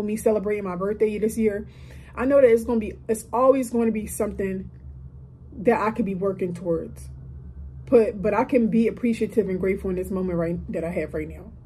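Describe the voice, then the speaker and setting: A 30-year-old woman talks casually and from the heart on her solo podcast, pressing her points with emphatic energy. Her voice sits mid-range with a warm, mellow tone. Faint noise sits behind her in a quiet hotel room. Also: medium pitch, rough recording. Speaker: podcast host.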